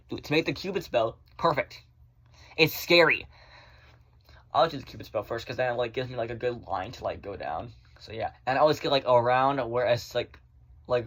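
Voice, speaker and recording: A man's voice: mid-range voice, a bit bright. A man vents in a blunt, sassy rant, recorded on his phone at home. His speech is loose and full of filler words, with casual swearing woven through it. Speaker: vlogger.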